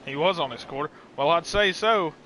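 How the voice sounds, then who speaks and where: Guy calling a sim dirt race, bright sharp voice, gets hyped, bit of hiss behind. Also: a little high, brisk. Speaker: race commentator. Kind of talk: casual sim racing commentary.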